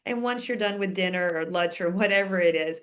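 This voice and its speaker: A woman's voice: fairly low pitch, a little fast. A woman veterinarian answering viewer questions in a chatty, casual way, often ending sentences with "okay?". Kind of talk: casual advice Q&A.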